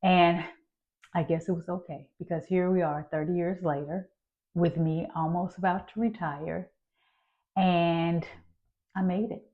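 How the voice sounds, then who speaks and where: A woman's voice: on the low side, a little slow, long pauses. Storytelling nurse woman, dull lo-fi sound. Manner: lively storyteller, acts out her own panicked past voice. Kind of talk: personal storytelling vlog.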